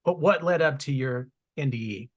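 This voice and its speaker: A male podcast host chatting with his guest, his voice husky with a breathy edge. He sounds reflective and agreeable. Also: mid-range voice, moderate pace, muffled recording. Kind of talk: casual interview chat.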